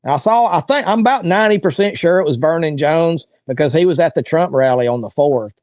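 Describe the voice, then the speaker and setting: A man's voice: fairly high pitch, fairly quick, darkish tone, no echo, highs cut off. A man, an interview guest telling a long story in a rambling, folksy way. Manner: rambling, folksy, lots of "you know" and "like". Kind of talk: casual storytelling.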